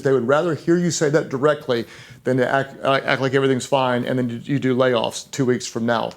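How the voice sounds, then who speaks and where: A man's voice: medium pitch, fairly even intonation, fast. A middle-aged man with a mid-range voice gives a leadership talk as a pastor. He speaks emphatically in a conversational way and hammers key words by repeating them. Now and then he drops in a self-deprecating aside.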